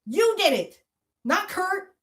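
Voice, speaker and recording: Her voice is very high and very animated, yet she speaks slowly. As a podcast host, she delivers a furious monologue laced with profanity and accusations, returning repeatedly to the same rhetorical challenges.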